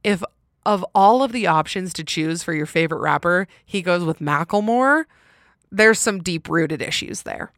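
A young woman chats through her solo podcast with a fairly low voice, recorded dry and close. She is opinionated and quick to laugh at her own takes. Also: lively intonation, fairly bright tone, no room sound. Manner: chatty and opinionated, laughing often. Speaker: podcast host. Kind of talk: casual solo podcast chat.

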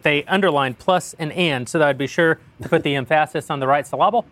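Fast and with few pauses, this man's somewhat high, bit-bright voice comes through with no echo. He's a political podcast host reading an ad in casual banter, full of wry jokes and frequent chuckles.

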